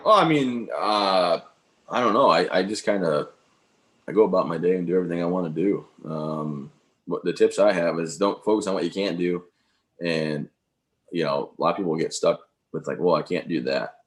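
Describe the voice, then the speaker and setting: A man with a very low, deep voice talks casually in an interview. He is upbeat and rambles, full of "you know" and "um." He speaks like he is telling his own story to a friend. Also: fairly quick. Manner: upbeat, rambling, many fillers. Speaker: interview guest, veteran speaker.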